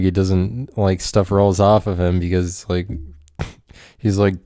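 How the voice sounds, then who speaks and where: A man's voice: low-pitched, little pitch movement, takes it slowly, long pauses, mellow, clean tone, no echo, clean studio sound. A man hosting a solo podcast, rambling and self-mocking, swearing and laughing as he talks. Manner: swears a lot. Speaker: podcast host.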